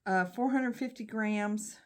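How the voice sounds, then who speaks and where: A woman's voice: medium pitch, slow. A woman chatting casually to her phone camera at home as she unboxes yarn, with frequent ums and restarts. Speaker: crochet vlogger.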